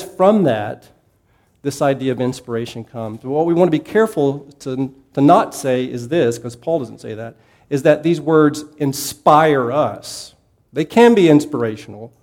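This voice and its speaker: Mellow-voiced man teaching a Bible class. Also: mid-range voice. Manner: conversational, asks the class questions, repeats key points.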